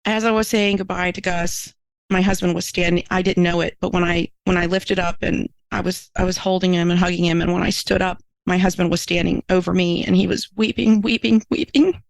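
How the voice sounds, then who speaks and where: Creaky-voiced woman telling a personal story. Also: lowish voice, little pitch movement, a little fast, dry recording, rough recording. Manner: earnest and emotional, voice climbing when moved. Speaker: minister and writer, podcast guest.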